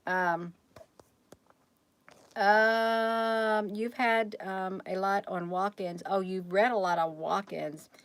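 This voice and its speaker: A woman's voice: mid-range voice, fairly even intonation, takes it slowly, no room sound. A woman hosting a casual livestream, rambling and chatty as she keeps talking straight to her viewers.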